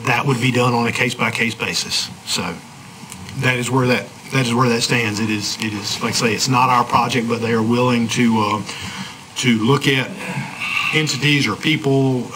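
Man, meeting briefing, hedging, repetitive, bright tense voice. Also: medium pitch, slight background noise, poor audio. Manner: hedging, repetitive, plain-spoken.

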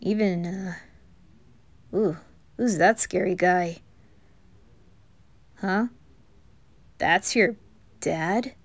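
A woman's voice: fairly low pitch, drawn-out words, pauses often, heavily acted. A woman voicing a chatty, playful teenage boy who gushes over food in a whispered role-play.

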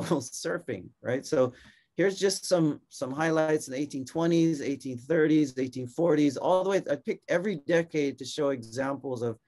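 A man from Hawaii giving a conversational slide lecture as a guest historian, relaxed, often checking in with a quick question. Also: mid-range voice. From Hilo, Hawaii. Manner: relaxed, frequent tag questions. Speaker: guest speaker, surf historian.

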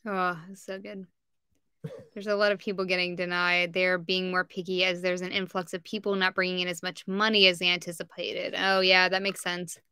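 A woman's voice: fairly low pitch, flat delivery, normal speed, pushed and bright, smooth, dry recording, clean studio sound. A woman co-hosting a casual livestream, chatty and giggly, reading viewer comments aloud. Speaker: livestream co-host.

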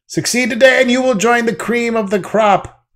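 A man's voice: very high-pitched, normal speed, a bit bright, voice pushed up. A man voicing a bullying male fraternity pledge master from a text adventure game who bellows insults theatrically. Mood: bellowing.

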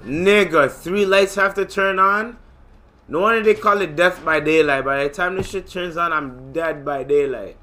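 A man casually commentating his gameplay, excitable and joking, with loud profane outbursts. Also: a little high, moderate pace, slight background noise. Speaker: gamer and channel host.

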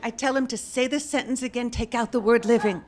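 High-voiced woman telling a comic story. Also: brisk, heavy background noise. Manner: deadpan, wry delivery that rises to exasperated outbursts. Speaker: stand-up comedian. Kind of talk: stand-up storytelling. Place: comedy club stage before a laughing audience.

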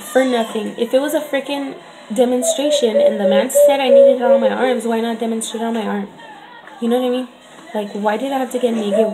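A woman's voice: on the high side, very noisy. A young woman and mother telling a chatty, upset story in a casual vlog, often asking "you know what I mean". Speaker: vlogger and mother.

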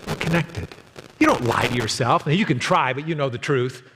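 A man's voice: a little fast, big-room sound, noisy background. A man preaching a sermon as a pastor, telling stories and acting out the people in them. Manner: storytelling, acting out quoted voices in a higher pitch. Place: church sanctuary.

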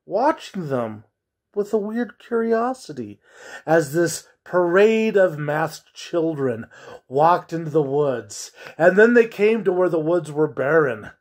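Brief: unhurried bedtime narrator, pitch rising and falling a lot. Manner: slow, expressive storytelling with whispered asides. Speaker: storyteller.

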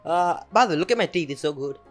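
A young man filming a reaction vlog, excitable and jumpy, with frequent shrieks and nervous laughter into a desk mic. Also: on the high side, fast talker, faint music behind. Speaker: reaction video creator. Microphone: desk mic with headphones.

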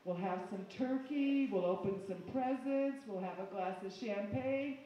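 With a Southern accent and folksy, bawdy punchlines, a woman from the US who is based in Colorado performs brash stand-up at a small bar's open mic. She speaks a little slowly in a mid-range voice with a dark tone. The sound has a bit of hiss or hum, with a distant mic in an echoey room.

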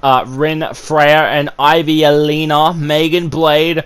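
Brief: male amateur commentator with a slightly raised voice, calling video game wrestling with bursts of excitement and many verbal stumbles. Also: fairly high pitch, slow pace, smooth. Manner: excitable, frequent fillers and stammered restarts. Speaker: play-by-play commentator.

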